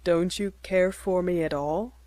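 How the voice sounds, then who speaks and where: A woman doing an earnest young man, low and tender. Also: fairly even intonation, a little slow, dark tone, no room sound, lightly acted.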